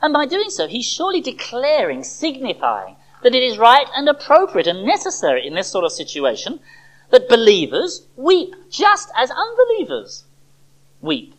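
A preacher giving a sermon to a church service, expressive, with dramatic pauses and rhetorical questions. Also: mid-range voice, poor audio.

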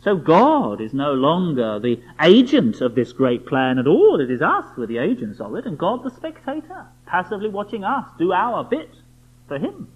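A man's voice: on the high side, wildly swooping pitch, normal speed, breathy edge. A man preaching a sermon, emphatic and full of rhetorical questions aimed at the listener. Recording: dull lo-fi recording.

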